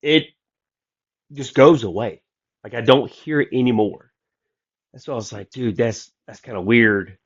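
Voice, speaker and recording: A man telling a story from the road in casual chat, animated and acting out the people he quotes. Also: mid-range voice, measured pace, pauses often, breathy edge, dry recording, muffled recording. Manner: animated, acts out quoted voices loudly. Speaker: comedian guest.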